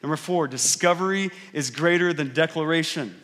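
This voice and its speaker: A man in his thirties, a pastor, gives a conversational sermon in a slightly high, bright voice at normal speed. He keeps checking in with the congregation, often asking "right?", and the recording carries long hall reverb.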